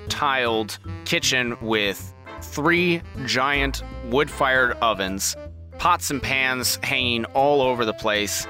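Guy running a tabletop game, bright voice, chill rambly narrating, faint music behind. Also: mid-range voice. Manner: descriptive, relaxed, with restarts. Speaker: game master.

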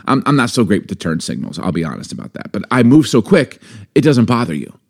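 A man co-hosting a podcast in casual chat, an animated storyteller who acts out his own reactions, on a studio mic. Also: medium pitch, fast. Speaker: podcast co-host.

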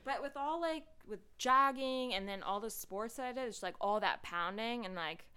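A young woman hosting a podcast, chatting casually with lots of fillers and quick laughs. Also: a little high, bright, forceful tone, clean tone. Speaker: podcast host. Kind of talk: casual chat.

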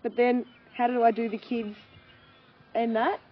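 Woman, 30s, guest, lively and laughing, higher voice, lo-fi. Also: a little slow, breathy edge. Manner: animated, laughs often, acts out quoted voices. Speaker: podcast guest, farmer and mother. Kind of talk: candid conversational interview. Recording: dull lo-fi sound with faint noise.

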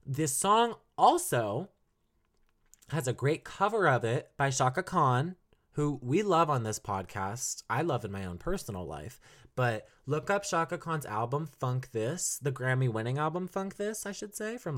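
A man's voice: mid-range voice, very animated, unhurried, a bit bright. Chatty, enthusiastic young man podcasting. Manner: chatty and enthusiastic, with frequent fillers and laughs. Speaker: podcast host reviewing an album. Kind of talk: casual solo podcast talk.

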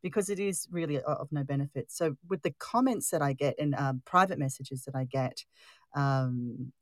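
A woman's voice: deep voice, moderate pace, no echo. A middle-aged woman who creates audio content, chatting casually in a frank, blunt way and swearing freely. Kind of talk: casual chat.

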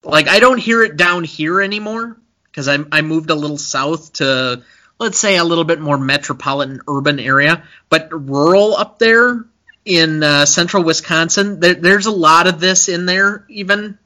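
Very bright-voiced male podcast co-host. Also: a little high, normal speed. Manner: hesitant, analytical, many fillers. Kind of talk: casual film-discussion podcast.

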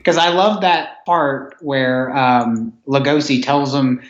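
A man's voice: mid-range voice, steady tone, slow pace, few pauses. A man, a podcast guest, chatting enthusiastically about old films, rambling with restarts. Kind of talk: casual chat. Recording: roomy, dull lo-fi sound.

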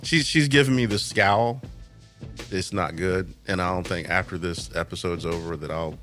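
A man's voice: low voice, moderate pace, fairly bright tone, soft background music. A man co-hosting and producing a casual podcast, teasing his friend, laughing often and tripping over his words. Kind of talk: casual chat.

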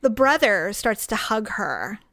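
A woman's voice: medium pitch, very animated, unhurried, fairly bright tone, dry recording, studio quality. A woman telling an indignant travel story in casual chat, acting out the people she quotes.

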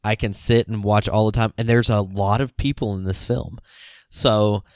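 Low-voiced, measured podcast host. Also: male voice, fairly even intonation, a little mellow, no room sound, clean studio sound. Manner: measured, leans on "you know" and "right?". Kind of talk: casual movie review chat.

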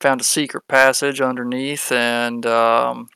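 A man's voice: mid-range voice, flat delivery, measured pace, vocal fry, sharp tone, clear, resonant tone, no echo, studio quality. A man playing in a tabletop role-playing game, rambling with many fillers. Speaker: player. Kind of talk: casual tabletop play.

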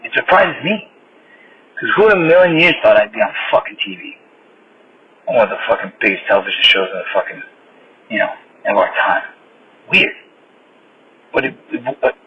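A man hosting his own podcast, giving a blunt, frustrated motivational rant full of swearing. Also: fairly low pitch. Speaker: podcast host. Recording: slightly dull sound with faint noise.

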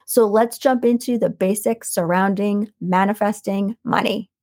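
A middle-aged woman hosting her own podcast, coaching listeners in a calm, soothing voice and reading quotes out slowly. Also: medium pitch. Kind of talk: solo podcast teaching.

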